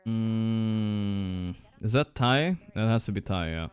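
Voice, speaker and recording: Smooth-voiced, foul-mouthed male streamer. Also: on the low side, measured pace. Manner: chatty, swears often, reacts loudly. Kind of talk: casual live-stream commentary.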